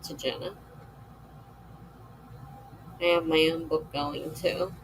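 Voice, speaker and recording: A woman's voice: deep voice, steady tone, slow, a little hiss or hum, low-quality recording. A woman hosting a writer's live stream, chatting candidly and gossipily, laughing often. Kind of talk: casual live-stream chat reading viewer comments.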